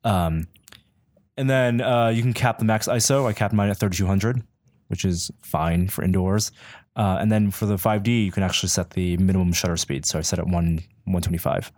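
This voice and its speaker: A man's voice: low-pitched, steady tone, a little fast, a little mellow. A man co-hosting a podcast, telling a long rambling story in casual chat and acting out the quotes, with frequent restarts. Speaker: podcast co-host.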